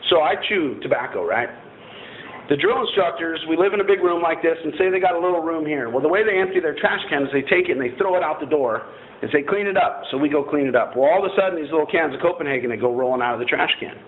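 A man's voice: on the high side, fast. Blunt, self-mocking man on a tinny line. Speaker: former Marine telling his story. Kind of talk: personal storytelling to an audience. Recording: tinny phone-like line, faint noise.

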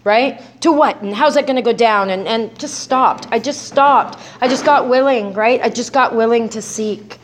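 A woman's voice: fairly high pitch, normal speed, hardly any pauses, a little hiss or hum. A middle-aged woman sharing her recovery story in a personal testimony talk, speaking conversationally with many "right?" tags and restarts.

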